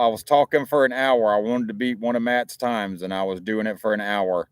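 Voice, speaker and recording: Chatting informally on his rambling live-stream talk show, a man with a Southern American accent keeps restarting as he goes, outside in chilly weather. His mid-range voice is smooth and fairly even, moving fairly quickly with hardly any pauses, captured in studio quality with no room sound.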